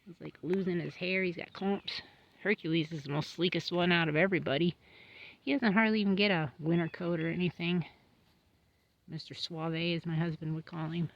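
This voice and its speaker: A woman's voice: fairly low pitch, steady tone, moderate pace, lo-fi sound. A woman farmer chatting casually while tending her horses outdoors, cooing at them in baby talk and scolding them now and then. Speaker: homestead farmer. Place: outdoors at a farm.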